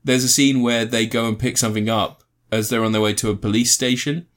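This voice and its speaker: A man talks through a film he enjoyed in loose, rambling podcast chat. His voice sits in a middle pitch, and he swears freely as he gets animated retelling scenes. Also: fairly quick.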